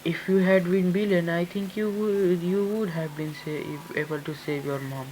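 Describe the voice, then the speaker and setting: A man doing a sneering dark alter ego of a boy. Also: sits high, fairly even intonation, moderate pace, slight background noise, pitched above the performer's own voice, natural voice, poor audio. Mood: mocking. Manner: taunting, mocking.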